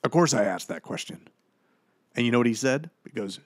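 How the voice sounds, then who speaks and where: A man's voice: medium pitch, expressive, brisk, no room sound, studio quality, lightly acted. A man playing the rambling, profane ghost of a washed-up male actor in a comedic audio commentary, full of fillers. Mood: indignant, profane.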